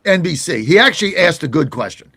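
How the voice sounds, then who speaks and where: American talk host, indignant, laughing, lively gravelly voice. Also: male voice, on the high side, fast, no room sound. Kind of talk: casual political talk.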